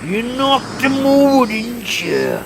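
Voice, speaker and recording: A man's voice: very high voice, sing-song, takes it slowly, creaky, a crowd in the background, pitched above the performer's own voice, heavily acted. Man growling as cursing street thugs. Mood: angry, threatening. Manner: snarling, cursing, threatening. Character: gang of angry young male street thugs.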